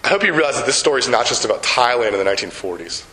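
An older man preaching a sermon. He tells a story, slows down on key words and puts questions to the congregation. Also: mid-range voice, animated, pushed and bright, roomy sound, low-quality recording. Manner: storytelling, slows down for emphasis, asks the audience questions. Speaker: pastor.

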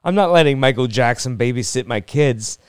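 A man's voice: medium pitch, animated, normal speed, clear, resonant tone, no room sound, clean studio sound. A young adult man, a comedian, talking through a rambling, self-deprecating solo podcast monologue full of jokes and restarts.

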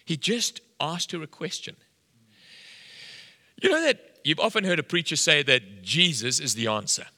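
A man's voice: on the high side, big pitch swings, normal speed, bright, forceful tone. A middle-aged man preaching a sermon, telling a story and acting out the dialogue with animation. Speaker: pastor. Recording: long hall reverb.

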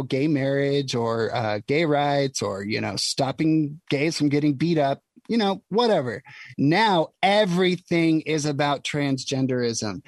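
A man's voice: a little high, dry recording. A man from Utah giving an emphatic, indignant opinion monologue, full of ums and you-knows. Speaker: political commentator.

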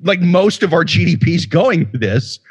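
A man's voice: a little high, very animated, moderate pace, husky. Profane rambling young man, podcast co-host. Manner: profane, rambling, many restarts and fillers. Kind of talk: casual chat.

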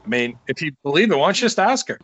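Slightly high-voiced crude, pushy man. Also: very animated, rapid-fire, a bit bright, highs cut off. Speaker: co-host. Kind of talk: casual podcast chat.

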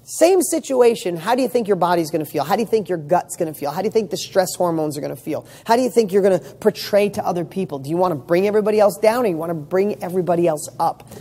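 A real estate students' motivational coach races through his talk with few pauses, his high-pitched voice mellow. He speaks emphatically, fires off rhetorical questions and drops casual swear words.

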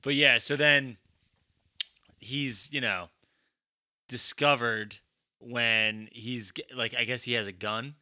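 A man's voice: mid-range voice, fairly even intonation, takes it slowly, long pauses, sharp tone, no echo. A man co-hosting a casual movie podcast, blunt and profane, ranting in mock outrage. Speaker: podcast co-host.

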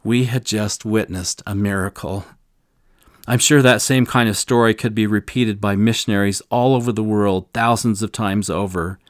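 An older man with a low voice tells a story with earnest, solemn weight. The sound is dry and close, with no room around it. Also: fairly even intonation, moderate pace, dry recording. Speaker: scripture teacher. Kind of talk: scripture discussion with personal story.

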